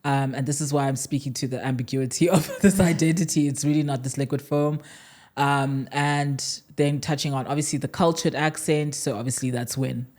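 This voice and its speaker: This is a South African woman whose accent carries a slight American tinge. Her voice sits remarkably low for a woman. She chats casually as a podcast guest, laughing often and restarting her sentences. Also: steady tone, moderate pace, a little mellow. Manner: chatty, laughs often, many fillers and restarts.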